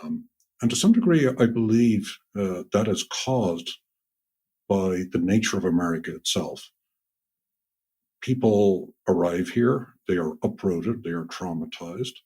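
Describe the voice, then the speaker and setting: A man's voice: deep voice, animated, measured pace, darkish tone, breathy edge. A man hosting an interview, building a point at length before asking a question. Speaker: podcast host.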